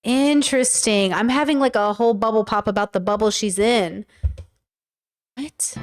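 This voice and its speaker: A woman's voice: a little high, lively intonation, moderate pace, faint music behind. A woman streamer reacting to videos in casual commentary, incredulous and thinking aloud as she rambles.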